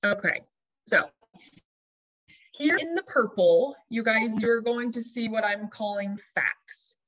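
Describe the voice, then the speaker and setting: A woman life coach explaining ideas to her audience, lively and chatty, sometimes putting on her own dramatic inner voice as an example. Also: on the high side, takes it slowly, lo-fi sound. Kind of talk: teaching talk to an audience.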